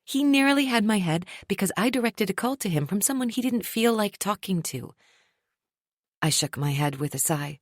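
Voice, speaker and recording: A woman narrating a first-person romance audiobook in an expressive, wry storytelling manner. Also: mid-range voice, moderate pace, no echo, studio quality.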